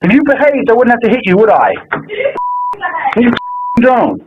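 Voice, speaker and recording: A man's voice: very high voice, big pitch swings, moderate pace, narrow, tinny audio, noisy background. A man speaking in a menacing, taunting way.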